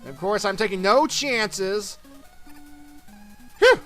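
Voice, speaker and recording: Guy rambling thru a let's play, high bright voice, lots of ums, faint game music behind. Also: animated, slow. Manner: rambling, lots of fillers and self-corrections. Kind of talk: casual gameplay commentary.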